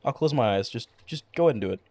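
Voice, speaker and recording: A man's voice: medium pitch, lively intonation, rapid-fire, mellow, dry recording. A young man streaming a game, chatting casually in a rambling way, with many fillers and frequent swearing. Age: young adult. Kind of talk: casual chat while gaming.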